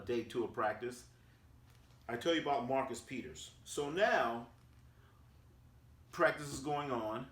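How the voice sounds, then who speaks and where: A man from Oakland in a casual storytelling recap, animated and acting out quotes with slang. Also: medium pitch. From Oakland, California, USA. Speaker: sports vlogger. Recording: roomy sound, distant from the mic.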